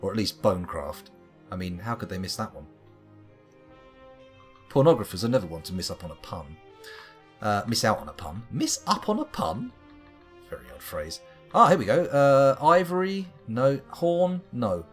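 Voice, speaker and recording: A man's voice: lowish voice, animated, moderate pace, pauses often, faint music behind. A man live-streaming a game, chatting casually and reading viewers' comments aloud as he plays. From United Kingdom. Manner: chatty, reads chat aloud and muses to himself. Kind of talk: live-streamed gameplay chat.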